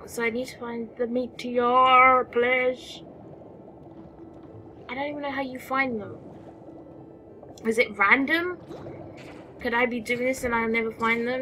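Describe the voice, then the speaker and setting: A woman's voice: fairly high pitch, fairly even intonation, measured pace, long pauses, bright, forceful tone, slight background noise. A woman giving casual let's-play commentary, chatty, talking to the game creatures, exclaiming and muttering as she plays. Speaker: gameplay commentator. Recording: music playing behind the voice.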